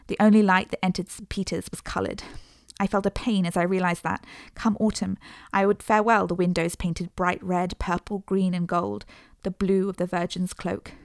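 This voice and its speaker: A woman narrating a first-person story as an audiobook, in a measured, earnest way. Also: lowish voice, level tone, no room sound, studio quality.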